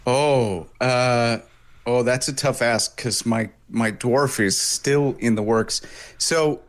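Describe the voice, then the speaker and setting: A man, a voice actor and game master, explaining voice tricks in a relaxed interview. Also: mid-range voice, takes it slowly. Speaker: voice actor and dungeon master, guest. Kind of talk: casual interview chat.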